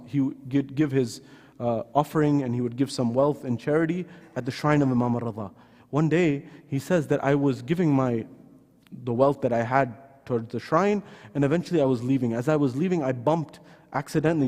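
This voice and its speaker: A man giving a sermon at a mosque, retelling stories earnestly and acting out the voices of the people in them. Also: darkish tone. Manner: earnest, acts out quoted voices with pitch rises. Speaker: speaker at a mosque gathering. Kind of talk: sermon with storytelling. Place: mosque hall. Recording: long hall reverb.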